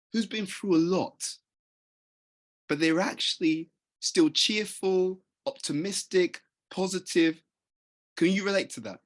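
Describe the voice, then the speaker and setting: A man giving a motivational talk in an earnest, conversational way, often putting questions to his listeners. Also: sits high. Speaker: motivational speaker.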